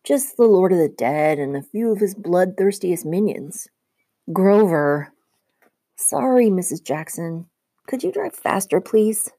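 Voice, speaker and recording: A woman voicing a nervous, loyal teenage boy satyr who is quick to take offense, talking in a hurried, indignant way. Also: medium pitch, sing-song, gravelly, warm tone, slightly rough, no room sound, clean studio sound, pitched above the performer's own voice, heavily acted. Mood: sarcastic.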